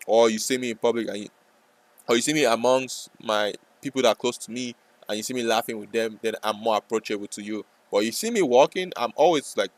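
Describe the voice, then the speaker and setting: A man talking casually over a live trading stream, rambling and joking, sometimes breaking into loud playful yelling. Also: medium pitch, brisk, dry recording, poor audio.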